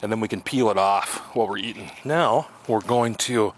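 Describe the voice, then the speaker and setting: A man's voice: on the low side, normal speed, a little hiss or hum. A man talking casually to the camera while fishing and cooking outdoors in the woods, joking and mocking himself. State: out of breath at times. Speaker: outdoor vlogger. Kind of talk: casual outdoor vlog talk.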